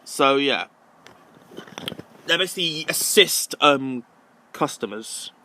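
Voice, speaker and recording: A man's voice: mid-range voice, expressive, slow pace, bright, forceful tone, a little hiss or hum. A young man ranting casually to camera, rambling and repeating himself with many ums. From London. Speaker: vlogger.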